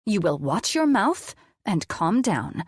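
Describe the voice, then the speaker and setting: A woman voicing an anxious middle-aged mother in an audiobook, fretful and quick to turn stern. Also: medium pitch, very animated, breathy edge, no echo, clean studio sound, heavily acted. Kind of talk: audiobook character voice.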